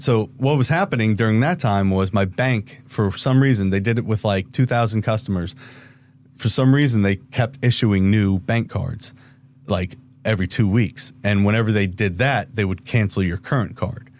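A man telling a wild story as an investigator, swearing freely and acting out the quotes. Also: normal speed. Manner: swears freely, acts out quotes with raised pitch. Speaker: private investigator guest. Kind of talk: casual storytelling interview.

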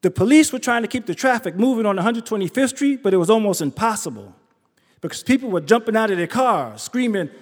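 Live storyteller: New man, high and lively voice, big swings into quoted voices, hall echo. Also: fast. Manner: animated, acts out quotes with big pitch jumps. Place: theater stage before an audience. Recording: live stage recording with hall reverb.

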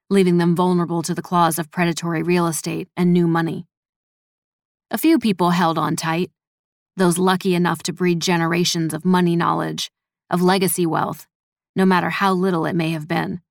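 A woman narrating a scripted audiobook story in a measured, steady way. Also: on the low side, vocal fry, dry recording, clean studio sound.

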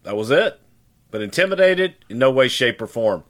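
A man's voice: mid-range voice, very animated, normal speed, fairly bright tone. Blunt, emphatic middle-aged man. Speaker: podcast co-host recalling his career. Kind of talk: casual podcast conversation.

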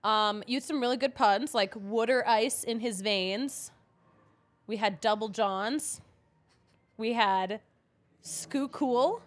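A woman's voice: a little high, fairly even intonation, takes it slowly. A woman from the Philadelphia area hosting a casual podcast interview, teasing her guest. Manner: teasing, laughs often. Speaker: podcast host.

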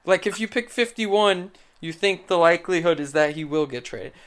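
A young man hosting a casual sports chat, teasing his co-host with quick laughs. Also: sits high, fairly bright tone, clear, resonant tone. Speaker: podcast host.

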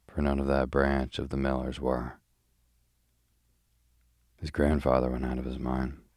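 A man's voice: extremely low pitch, a little mellow, dry recording, studio quality. A man voicing a chatty, pious older spinster housekeeper in a sleepy bedtime audiobook reading. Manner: chatty, prim, old-fashioned.

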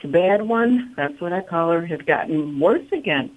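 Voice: mid-range voice, lively intonation, normal speed. A caller on a radio phone-in, telling a rambling, worried story about a pet. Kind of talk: phone-in call. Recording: tinny phone line.

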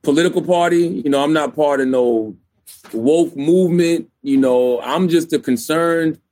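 A man from South Carolina, a radio host guesting on an interview, talking in a relaxed, chatty way. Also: a little high, normal speed. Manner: relaxed, chatty, many fillers like "you know". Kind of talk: candid interview conversation.

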